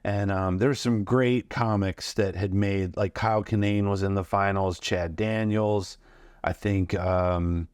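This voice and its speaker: Comedian guest, man in his forties, lowish voice, dry close sound; animated storyteller who acts out every quote. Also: unhurried, smooth, no room sound. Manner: animated anecdotes, acts out quotes, lots of fillers. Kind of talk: storytelling interview.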